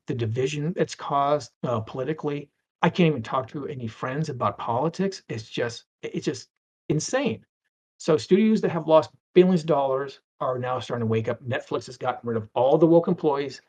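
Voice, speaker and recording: A man's voice: medium pitch, darkish tone, slightly rough. A middle-aged man talking casually as an interview guest, rambling through anecdotes with stammers and acted-out quotes.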